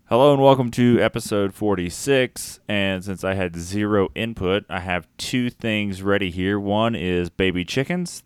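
A man's voice: lowish voice, unhurried, hardly any pauses, clear, resonant tone, dry recording. A man co-hosting a casual podcast who jokes around and rattles through long lists of names. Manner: joking, rattles off name lists. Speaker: podcast co-host. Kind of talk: casual chat.

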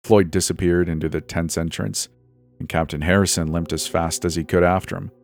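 A man narrating a scripted first-person horror story in a tense, steady way. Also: low voice, brisk, creaky, soft background music.

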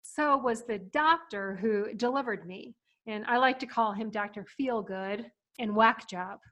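A middle-aged woman from Ohio hosting, telling family stories in a chatty, animated way with frequent laughter. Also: fairly high pitch, measured pace. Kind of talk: casual storytelling.

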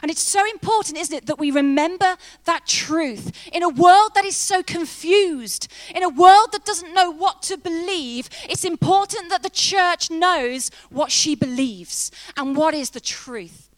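A woman's voice: extremely high pitch, unhurried, hardly any pauses. A woman in her thirties preaching a sermon, telling a personal story in a chatty, humorous way with emphatic build-ups.

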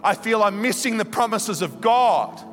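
A man's voice: high voice, expressive, normal speed, soft background music. Impassioned man preaching in a reverberant hall. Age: 30s. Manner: impassioned, confessional, swings from quiet to loud. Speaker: guest preacher. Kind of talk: sermon. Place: church hall.

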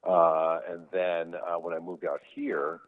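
Low-voiced man telling rambling stories. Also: flat delivery, takes it slowly. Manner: easygoing, rambling, lots of fillers. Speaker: actor and interview guest. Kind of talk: casual anecdote telling. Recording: tinny phone-like sound.

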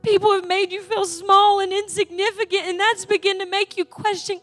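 A woman's voice: very high-pitched, little pitch movement, moderate pace, fairly bright tone, faint music behind. A woman preaching a sermon and leading an altar call prayer, pleading and emotional, tearful at times.

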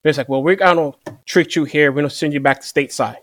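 A man's voice: on the high side, fast, no echo. Man telling a war story in a dry room. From Virginia. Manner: relaxed, repeats "I'm like" to quote himself. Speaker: interview guest, former Marine machine gunner. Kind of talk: conversational storytelling.

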